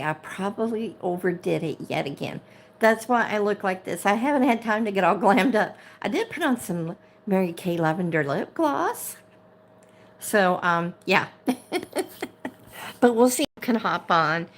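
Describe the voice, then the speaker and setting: Slow-talking woman ranting on a livestream. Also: mid-range voice, a bit bright. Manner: indignant, ranting, greets viewers by name. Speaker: livestream host. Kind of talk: casual livestream chat.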